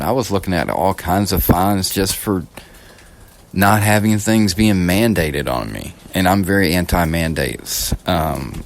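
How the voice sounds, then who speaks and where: A low-voiced man from the United States hosting his own podcast. He talks in a loose, rambling monologue that is blunt and profane, and he often restarts his sentences. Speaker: podcast host. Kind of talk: casual political monologue.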